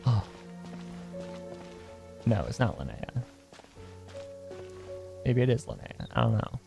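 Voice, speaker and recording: Gravelly man playing a game. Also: lowish voice, wildly swooping pitch, slow, lo-fi sound, music in the background. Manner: reads game dialogue aloud and laughs often. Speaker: gaming channel host. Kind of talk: casual let's-play commentary.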